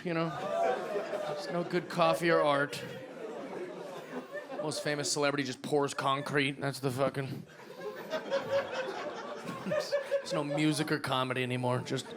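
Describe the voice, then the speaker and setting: A stand-up comic with a high voice works a live club crowd, brash and profane, dropping into quick impressions of people. He talks into a stage mic, and loud audience laughter keeps breaking through. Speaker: stand-up comedian. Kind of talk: stand-up comedy set.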